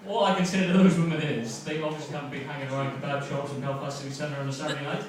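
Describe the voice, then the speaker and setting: Young Northern Irish stand-up, self-deprecating and chatty, voice a touch high, caught from a distance in a booming, noisy club. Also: male voice, steady tone, racing. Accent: softened Northern Irish. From Northern Ireland. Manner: chatty, self-mocking, bantering with the crowd. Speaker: stand-up comedian. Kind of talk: stand-up comedy set. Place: comedy club, live room. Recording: echoey club from far off, noisy.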